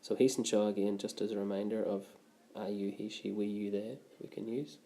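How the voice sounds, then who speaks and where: A man's voice: lowish voice, little pitch movement, brisk, vocal fry, dark tone. A man who teaches a grammar lesson patiently, step by step, often checking in with "okay". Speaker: Irish language teacher.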